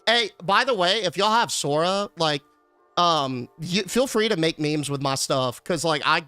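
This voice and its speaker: A young man chatting casually on his stream, excitable and giggly with laid-back slang. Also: a little high, smooth, no room sound.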